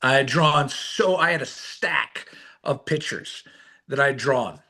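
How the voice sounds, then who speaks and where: A middle-aged man, an author and illustrator, telling his story in an interview, swinging between hushed and excited delivery. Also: mid-range voice, unhurried.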